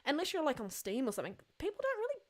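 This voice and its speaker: A woman with a New Zealand accent co-hosting a gaming podcast in casual chat, talkative and quick to laugh. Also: sits high, wildly swooping pitch. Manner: chatty, laughs often. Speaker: podcast co-host.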